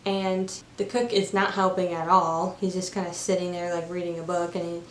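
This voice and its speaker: A woman's voice: on the low side, little pitch movement, normal speed. A woman reviewing a film, retelling its plot in a chatty, casual way with lots of fillers. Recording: roomy room, faint background noise.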